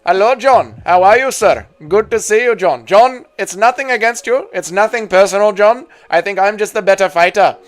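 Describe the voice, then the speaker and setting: A man's voice: sits high, normal speed, hardly any pauses, faint music behind, voice pushed up, close to an everyday voice. A man putting on an Indian accent to play a courteous male heavyweight fighter who keeps repeating the other man's name. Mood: polite. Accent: put-on Indian.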